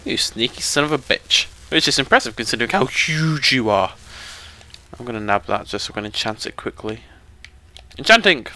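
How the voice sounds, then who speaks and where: A man's voice: medium pitch, fairly quick, pushed and bright, slight background noise. A young British man giving chatty, joking live commentary over a game he is playing. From Britain. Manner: chatty, joking, talks to the viewers. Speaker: let's play commentator.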